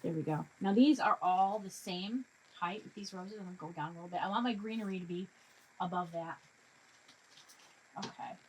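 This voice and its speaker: A woman's voice: lowish voice, moderate pace, pauses often, slight background noise, rough recording. Chatty woman narrating a craft demo. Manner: chatty, talks herself through each step; jokey self-talk to her materials. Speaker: craft tutorial host.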